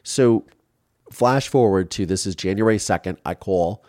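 A man in his forties from Ohio, telling his life story in an interview in an animated way, acting out quotes and restarting often. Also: fairly low pitch, unhurried, no echo, clean studio sound. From Ohio, USA.

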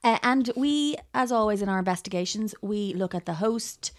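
A woman's voice: medium pitch, animated, normal speed, no echo, clean studio sound. A woman co-hosting a podcast in a jokey, playful chat. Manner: jokey, playful, fond of silly voices. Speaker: podcast co-host. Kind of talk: casual chat.

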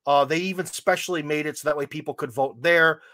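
Podcast host: American man with a higher-than-usual voice, rambling casual chat, wry asides, very dry close sound. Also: steady tone, fairly quick, fairly bright tone, no echo. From United States.

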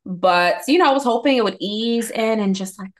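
A woman's voice: fairly high pitch, normal speed. A young woman co-hosting a podcast, telling a story in casual chat and filling it with constant "like"s. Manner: rambling storyteller, constant "like" fillers. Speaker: podcast co-host.

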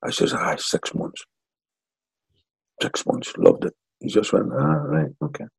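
Older Northern Irish man, guest storyteller, deep gravelly and husky, dry close sound. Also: unhurried, no room sound, low-quality recording. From Northern Ireland. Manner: lively yarn-spinner acting out quotes. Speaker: guest, former footballer. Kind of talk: anecdotal storytelling.

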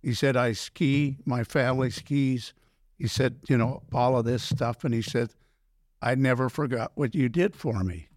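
An older man, a former pro hockey player telling animated stories in an interview, acting out quoted dialogue and often restarting his sentences. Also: medium pitch, measured pace, dry recording, studio quality. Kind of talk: storytelling in a podcast interview.

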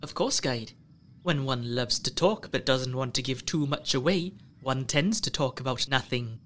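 A man's voice: medium pitch, moderate pace, fairly bright tone, natural voice. A man voicing a cruel, chatty trickster ranger who tells stories gleefully and slips into other people's voices. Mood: breezy. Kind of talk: audio drama acting.

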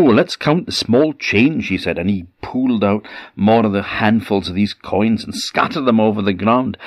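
A man with an Orkney accent telling a traditional folk tale, lively and shifting his pace and loudness. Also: fairly low pitch, dry recording, clean studio sound. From Orkney, Scotland. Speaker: traditional storyteller.

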